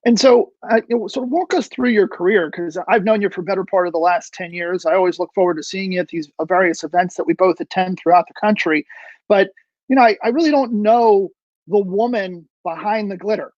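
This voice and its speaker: A man's voice: high-pitched, a little fast, darkish tone, no room sound. A laid-back male host who talks in a loose, easygoing way and fills his questions with small hesitations. The sound is dull and dry, like a muffled call. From New York. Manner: easygoing, uses many fillers. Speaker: interview show host. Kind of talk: casual interview hosting. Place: video call.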